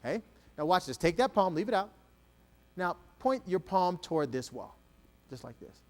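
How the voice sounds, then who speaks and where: Keynote speaker, male, lively stage talk with a volunteer, a bit higher voice. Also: moderate pace. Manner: energetic, coaxing a volunteer. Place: stage before an audience.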